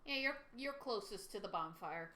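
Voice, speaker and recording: A woman narrating a tabletop game as game master, in halting speech full of fillers. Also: mid-range voice, animated, sharp tone, a little hiss or hum. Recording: echoey room.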